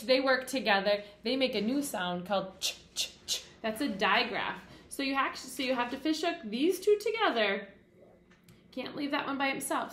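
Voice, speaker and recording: A woman's voice: a little high, fairly bright tone, a little hiss or hum. Sing-song woman teaching kindergarten phonics. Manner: sing-song teacher voice, asks and answers questions. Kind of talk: phonics lesson for young children. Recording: roomy echo.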